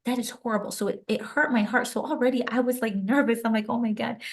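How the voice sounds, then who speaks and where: A young woman with a slightly high voice recounts her own story as an interview guest. She speaks with open emotion, leaning on casual fillers like "like" as she goes. The delivery is conversational and heartfelt. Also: quick pace. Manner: emotional, animated retelling with frequent "like" fillers. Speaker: guest author.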